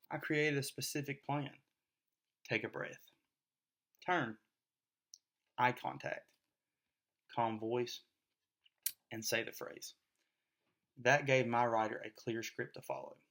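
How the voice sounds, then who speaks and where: Flat, earnest man reading a presentation. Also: mid-range voice. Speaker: student presenting a class assignment; parent. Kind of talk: scripted first-person presentation.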